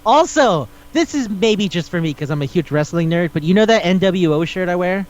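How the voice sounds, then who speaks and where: Guy on a podcast rambling about manga, slightly high voice, acts out all the lines, kinda muffled lo-fi audio. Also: fairly quick. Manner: animated storytelling, acts out characters' lines. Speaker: podcast host. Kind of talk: casual chat.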